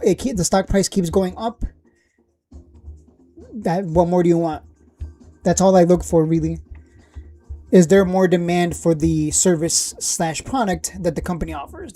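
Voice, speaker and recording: A man's voice: sits high, dark tone. A man hosting a stock live stream, chatting casually and repeating himself while he clicks through screens at home.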